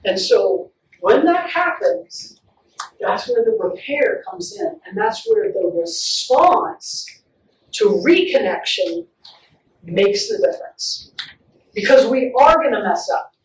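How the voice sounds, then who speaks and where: A woman play therapist giving a faith-based parenting talk, telling stories with animated acted-out quotes. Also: on the high side, slow pace, slight background noise. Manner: warm, animated storytelling with acted-out quotes and laughs. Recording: echoey room, picked up from a distance.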